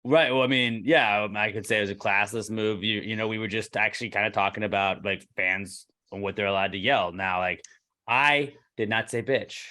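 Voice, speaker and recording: A young man with a fairly low voice co-hosts a casual podcast. He tells animated stories, curses freely and acts out both sides of an argument. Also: moderate pace. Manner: animated storyteller, swears freely, acts out quoted exchanges. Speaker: podcast co-host.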